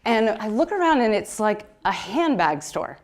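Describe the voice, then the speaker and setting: A woman in her thirties telling a comic story on stage, excitable and chatty, filling her talk with "like" and laughing through her words. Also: medium pitch, normal speed. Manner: excitable and chatty, heavy use of "like". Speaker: speaker at a conference talk.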